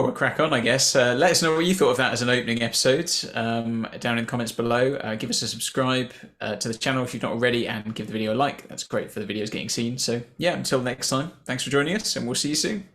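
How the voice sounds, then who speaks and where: A man co-hosting a reaction show at a middle pitch. His talk is casual and chatty, and he chuckles often. His sentences loop back and restart as he gathers his thoughts. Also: fast, a bit bright.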